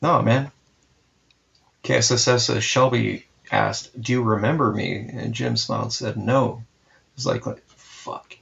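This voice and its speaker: Gravelly-voiced man telling a profane story. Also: mid-range voice, fairly even intonation, measured pace, fairly bright tone, highs cut off. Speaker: comic artist and stream host. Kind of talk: casual storytelling chat on a live stream.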